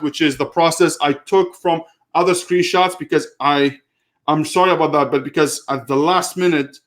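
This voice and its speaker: A man's voice: on the high side, a bit bright. A man talking casually through a step-by-step online seller tutorial, with frequent fillers and a heated edge. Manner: casual, many fillers, gets heated retelling a call. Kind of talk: screen-share tutorial with live Q&A.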